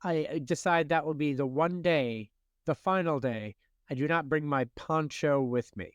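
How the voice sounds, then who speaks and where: Smooth-voiced man telling animated stories. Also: on the high side, moderate pace, dry recording. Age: late 30s to early 40s. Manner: animated storytelling with laughs. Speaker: podcast co-host. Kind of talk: casual chat.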